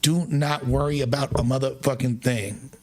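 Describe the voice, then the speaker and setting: A man hosting a casual chat, talking loose and slangy with plenty of rough language. His voice sits at an ordinary pitch. He jumps it up high now and then to make a point. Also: fairly even intonation, normal speed. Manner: loose slang-heavy banter, swings pitch up for emphasis. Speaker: streamer host.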